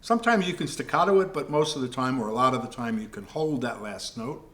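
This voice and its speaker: A man teaching jazz piano improvisation, explaining in a calm, measured way. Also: mid-range voice. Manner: calm, measured explaining with scat syllables and counting. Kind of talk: music lesson explanation.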